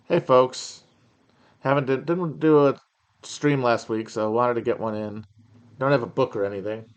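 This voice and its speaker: A man chatting loosely to his stream audience, wry and meandering, trailing off into sighs and fillers. His voice sits in an ordinary middle pitch, and he talks through things at an unhurried, casual clip. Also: clear, resonant tone. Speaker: podcast host on a live stream. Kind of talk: casual livestream chat and Q&A. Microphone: home streaming mic.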